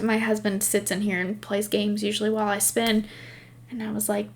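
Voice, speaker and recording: A woman's voice: mid-range voice, little pitch movement, normal speed, a little mellow. A woman hosting a knitting podcast, chatting casually and rambling through stories while laughing at herself. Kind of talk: casual chat.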